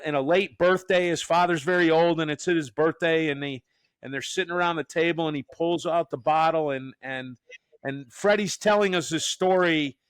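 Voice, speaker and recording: A man hosting a podcast, telling a story in a casual, animated way, with frequent restarts and acted-out quotes. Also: a little high, smooth, no echo. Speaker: podcast host.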